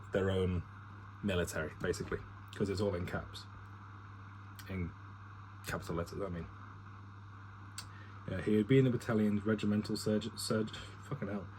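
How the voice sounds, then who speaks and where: Casual deep male reader, stumbles and restarts; noisy home recording. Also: darkish tone. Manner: stumbles, restarts and swears at misreadings. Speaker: reader reading a novel aloud to his partner. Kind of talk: casual read-aloud with asides.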